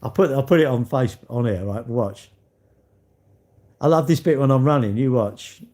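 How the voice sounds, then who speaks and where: A man's voice: medium pitch, animated, moderate pace, a little mellow. A man hosting a live stream, chatting in a rambling, self-mocking way and answering viewers.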